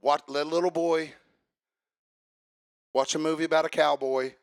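A man preaching a fiery sermon, swinging from hushed asides to shouted emphasis. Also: a little high, steady tone, normal speed.

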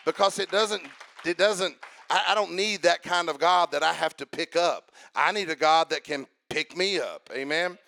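A man preaching a sermon in a church, calling for amens and rising into shouted, sing-song lines. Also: on the high side, moderate pace, vocal fry.

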